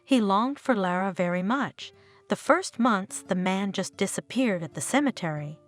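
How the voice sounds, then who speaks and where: A woman reading a dramatic story as narrator, with soft guitar music playing under her. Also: medium pitch, lively intonation, moderate pace. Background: faint guitar music.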